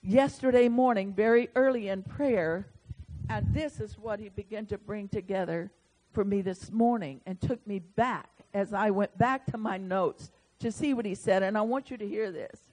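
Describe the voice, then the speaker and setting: A woman preaching a sermon, telling a story and then building up to loud, fervent proclamation. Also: mid-range voice, normal speed, low-quality recording.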